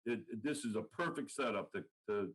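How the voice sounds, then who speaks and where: A middle-aged college football line coach, appearing as a guest on a casual podcast interview, tells a story and acts out the quoted lines. His voice is fairly low and husky, and he talks briskly. The audio is poor.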